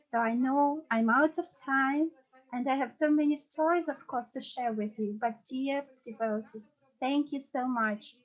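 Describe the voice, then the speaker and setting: Her voice sits high as she recounts something from her own past, an earnest disciple at a devotional gathering who stumbles and begins again frequently. The audio is muffled.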